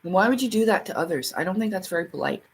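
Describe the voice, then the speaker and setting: A woman's voice: mid-range voice, lively intonation, rapid-fire, slight background noise. A woman chatting casually on a livestream, rambling and laughing often. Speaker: livestream host.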